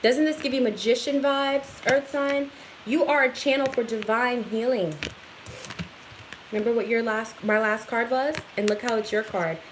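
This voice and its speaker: A woman giving an excitable, affirming tarot reading straight to her viewers in a casual home recording. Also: a little high, normal speed, noisy background. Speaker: tarot reader.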